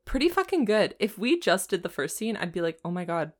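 A woman's voice: medium pitch, brisk. A young woman co-hosting a podcast, chatting casually with crude jokes and frequent giggling. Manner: giggly, crude, animated storytelling. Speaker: podcast co-host. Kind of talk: casual chat.

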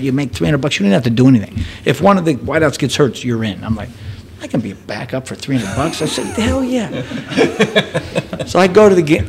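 A man's voice: mid-range voice, slight background noise. Chatty man in his thirties telling a story. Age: 30s. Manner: chatty, laughs often, restarts. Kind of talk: casual storytelling chat.

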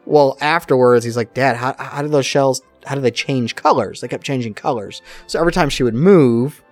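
A man's voice: medium pitch, moderate pace, faint music behind. A middle-aged man co-hosting a podcast, chatting casually and acting out the lines of the people in his stories. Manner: animated storyteller who acts out quotes. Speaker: podcast co-host. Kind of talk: casual chat.

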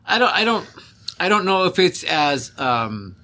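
Male podcast co-host, lively pitch, bright tone, rambling chat full of restarts and laughs. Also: a little slow. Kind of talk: casual chat. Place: California.

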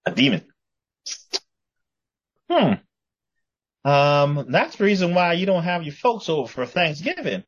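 A man co-hosting a podcast who chimes in with short murmured replies and wry jokes. His pitch moves around a lot as he talks. The recording sounds dull and lo-fi. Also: big pitch swings, measured pace, pauses often, slight background noise. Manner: joking reactions and short murmured responses. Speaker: podcast co-host. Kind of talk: casual chat.

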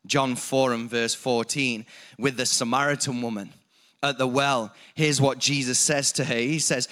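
A man's voice: medium pitch, fairly even intonation, measured pace, sharp tone. A man preaching a sermon, building emphasis with repeated phrases and stopping to correct himself. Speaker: pastor.

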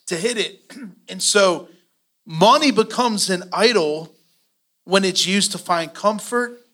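A middle-aged man teaching a church finance class, telling stories with animated, acted-out quotes. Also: high voice, slow pace. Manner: animated storytelling, acts out quotes.

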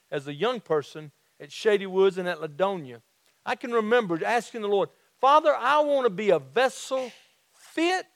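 A middle-aged man with a Southern accent preaching a sermon in a folksy way, restarting phrases and slowing down to stress his points. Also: very high-pitched, dry recording, studio quality. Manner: folksy, repeats and restarts phrases, slows for emphasis. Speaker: pastor.

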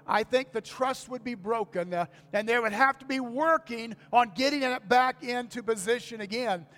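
High-voiced older male preacher, reverberant hall. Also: fairly bright tone. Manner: folksy, repeats key phrases, asks the congregation for amens. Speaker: pastor. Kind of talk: sermon. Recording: long reverb of a church hall.

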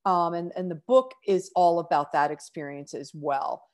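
A woman's voice: on the low side, a little mellow. A middle-aged woman hosting an inspirational podcast, talking earnestly and with emotion, with sighs and restarts. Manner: slow, earnest, emotional, breaks off to sigh. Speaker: podcast host.

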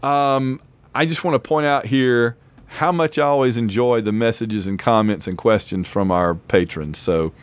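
A hoarse man co-hosting a podcast in casual chat, rambling and laughing often. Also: mid-range voice, moderate pace. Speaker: podcast co-host; lecturer.

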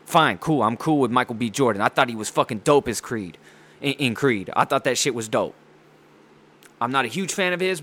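A man's voice: on the high side, fairly bright tone. A man hosting his own show, ranting in a profane, rambling way about movies and sports news. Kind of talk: casual ranting monologue.

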